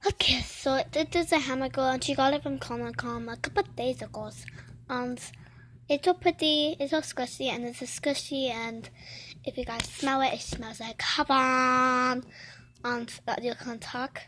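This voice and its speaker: Woman vlogger, cutesy kitty voice, very high, bright, gushing and repetitive. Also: steady tone, unhurried, a little hiss or hum. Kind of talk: casual toy show-and-tell vlog.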